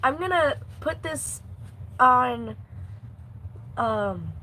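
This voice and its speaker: A woman's voice: high-pitched, expressive, drawn-out words, bright, forceful tone, rough recording. A young woman live streamer rambling playfully and chatting casually to her viewers. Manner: rambling, playful, talks to chat.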